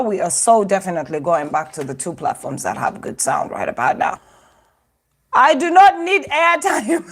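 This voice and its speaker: A woman from Uganda hosting a casual live stream from her phone, chatting to viewers and laughing often. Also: fairly high pitch. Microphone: phone microphone.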